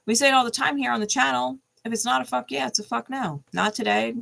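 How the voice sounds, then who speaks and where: A woman's voice: fairly high pitch, fast, vocal fry, a bit bright. A middle-aged woman giving a casual tarot card reading, blunt and profane, laughing often.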